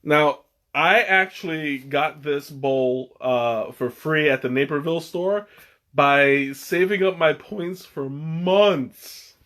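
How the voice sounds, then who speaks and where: Excitable young man rambling about tea. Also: fairly high pitch, slow pace. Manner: rambling, many restarts and fillers; excitable, laughs often. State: has the hiccups. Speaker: tea stream host. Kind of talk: casual live-stream chat.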